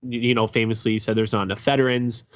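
Man, sports podcast co-host: mid pitch, muffled lo-fi sound, dry room, rambling delivery. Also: little pitch movement, fast, clean tone, no room sound. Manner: rambling, hesitant with many fillers and restarts. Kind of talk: casual sports chat. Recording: dull lo-fi sound.

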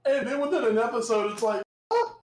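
A high-voiced man co-hosting a casual podcast, excitable and animated, given to loud shouted asides. He sounds like he's in an echoey room. A faint hiss of noise runs under his voice. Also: normal speed. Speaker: podcast co-host. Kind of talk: casual chat.

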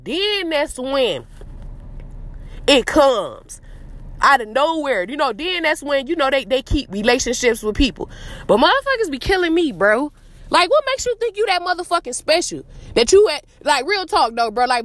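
High-pitched blunt profane woman. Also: fairly bright tone. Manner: blunt, profane, preachy street talk; repeats phrases for emphasis. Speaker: podcast host. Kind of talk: casual monologue.

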